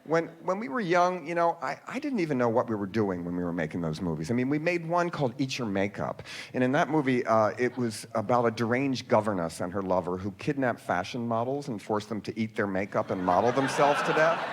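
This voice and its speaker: A man performing a comic stage monologue from a theater stage, telling stories in a wry, dry way full of quick asides. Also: mid-range voice.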